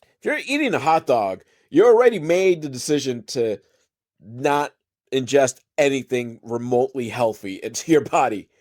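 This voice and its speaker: A man's voice: medium pitch, expressive, moderate pace, darkish tone. A man giving a rambling, profane and sarcastic comedic recap of a film, wandering off into side stories.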